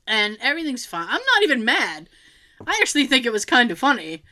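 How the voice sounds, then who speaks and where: A woman tells a funny story quickly, her voice sitting on the high side. In this casual chat she is animated, imitating what other people said and laughing often.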